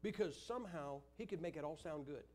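Older man, preacher, joking anecdotes, slightly high voice, church setting. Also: expressive, fairly quick, a little mellow, slight background noise. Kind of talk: humorous Sunday school teaching.

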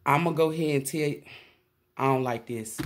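A woman giving a casual tarot reading to camera, excitable and profane, rambling with frequent restarts. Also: sits low, a little fast, very noisy. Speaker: tarot reader.

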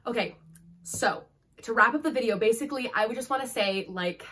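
A woman's voice: fairly high pitch, fairly quick, pushed and bright, slightly rough. A young woman reviewing a book in a casual vlog, gushing and emotional, and peppering her talk with "like". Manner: gushing, emotional, heavy use of "like".

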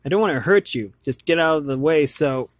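A man's voice: on the high side, expressive, a little fast, dry recording, studio quality. A man reading the lines of a hungry male mountain lion from a storybook, stumbling and repeating words now and then. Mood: pleading. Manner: read aloud with stumbles and repeats.

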